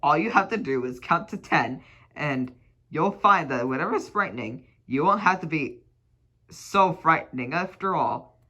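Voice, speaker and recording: A man voicing a gentle, kindly old tramp in a storybook, speaking softly and soothingly. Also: fairly high pitch, animated, moderate pace, dull audio. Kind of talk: storybook read-aloud.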